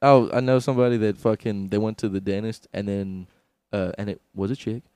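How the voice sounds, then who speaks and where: A man's voice: fairly low pitch, fairly even intonation, a little fast, a little mellow, clean tone, no room sound, studio quality. A young man co-hosting a podcast, telling laid-back, swearing anecdotes and laughing often. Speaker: podcast co-host. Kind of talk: casual chat.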